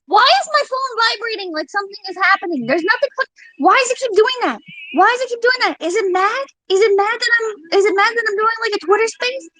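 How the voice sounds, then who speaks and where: A young woman live streamer chatting casually with her viewers, excitable and giggly, swearing freely. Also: very high-pitched, dry recording, poor audio.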